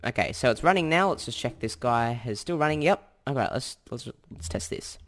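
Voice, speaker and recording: Young Australian male tutor, animated pitch, chatty, self-correcting, casual screen-recording delivery. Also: brisk. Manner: chatty and self-correcting, thinks aloud while typing. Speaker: tutorial host.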